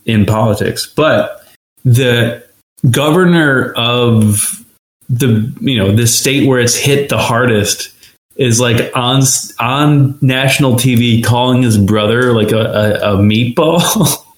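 A man's voice: medium pitch, takes it slowly. Sarcastic rambling man in an echoey room. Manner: rambling, sarcastic, laughing often. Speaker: podcast host. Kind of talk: casual profane commentary.

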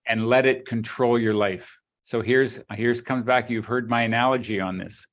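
An earnest middle-aged man co-hosts a casual podcast chat. He speaks in a reflective way at a medium pitch, leaning on sayings and homespun analogies. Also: fairly even intonation, moderate pace. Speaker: podcast co-host.

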